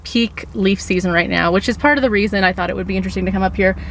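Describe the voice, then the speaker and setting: A woman's voice: medium pitch, fairly bright tone. Woman vlogging in her car, earnest and rambly, faint traffic hum. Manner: earnest, talks in restarts and asides. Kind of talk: casual vlog narration. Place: in a car in the mountains.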